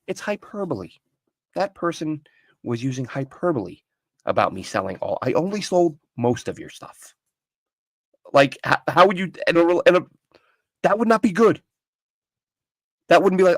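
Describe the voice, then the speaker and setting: A man's voice: fairly high pitch, very animated, moderate pace, long pauses, a bit bright, no echo. A man hosting a casual sports talk show from home, opinionated and rambling, with frequent restarts. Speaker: podcast host. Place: home studio with his dog nearby.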